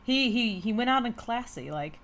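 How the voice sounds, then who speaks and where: A woman's voice: fairly high pitch, lively intonation, normal speed, fairly bright tone. Laughing woman chatting on a stream. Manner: laughs often, chimes in with reactions. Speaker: livestream co-host. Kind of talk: casual chat.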